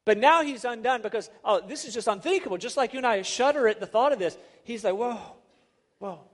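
A man's voice: very high-pitched, animated, fast. A man preaching a sermon as a pastor, emphatic and full of rhetorical questions. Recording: long reverb of a large hall.

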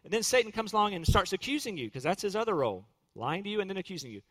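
A man's voice: high voice, very animated, racing, fairly bright tone, long reverb tail. A man preaching a sermon in an earnest way, quoting scripture and hymn lyrics and acting out inner voices. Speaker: pastor.

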